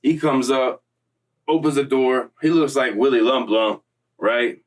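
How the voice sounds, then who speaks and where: Speaking at a measured pace, a young man spins a casual yarn loaded with profanity, streetwise slang and loose tangents. His pitch is middling, and the rough recording picks him up from some distance off the mic.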